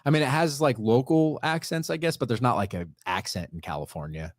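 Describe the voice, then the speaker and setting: A man's voice: medium pitch, expressive, fairly quick, no echo, studio quality. A man in his forties hosting a podcast, talking in an easygoing, agreeable way with frequent restarts. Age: 40s. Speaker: podcast host. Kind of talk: casual podcast chat.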